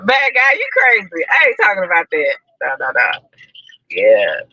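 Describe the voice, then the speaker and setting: A woman's voice: lowish voice, wildly swooping pitch, normal speed, bright, forceful tone, dry recording, muffled recording. A woman live-streaming casual chat to her viewers from a parked car, talking freely, repeating herself and laughing often. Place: parked car outside a building.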